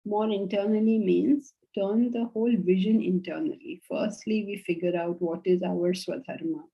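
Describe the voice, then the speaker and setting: Woman, scripture teacher, explanatory, middle pitch, dull lo-fi sound. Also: fairly even intonation, moderate pace, vocal fry. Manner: explanatory, checks understanding with questions. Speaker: Vedanta teacher. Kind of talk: spiritual class Q&A.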